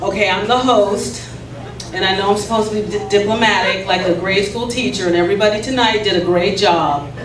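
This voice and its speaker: A woman hosting a comedy show, calling loudly to hype the crowd and introduce the next act. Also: mid-range voice, a little fast. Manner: loud, chanting, upbeat emcee. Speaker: show host. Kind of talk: hyping the crowd between acts. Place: comedy club stage. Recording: echoey club sound from a distant mic, noisy crowd.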